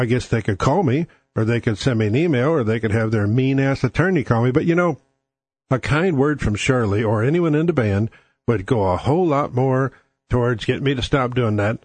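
A man rambles through his show's rundown in a loose, casual monologue. He is blunt and crude, with a sardonic edge. He sits at a middle pitch, and his voice is close and dry, with no room sound. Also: husky, dry recording. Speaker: podcast host.

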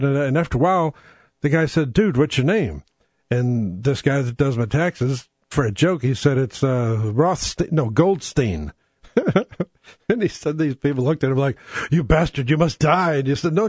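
A man's voice: medium pitch, darkish tone, no echo. A man hosting a rambling comic monologue, profane and sardonic, digressing as he talks.

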